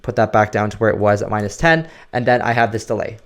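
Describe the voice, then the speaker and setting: A man's voice: on the low side, quick pace, a bit bright. A man giving a casual, explanatory music production tutorial at his computer, often checking in with "right?". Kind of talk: screen-recorded production tutorial.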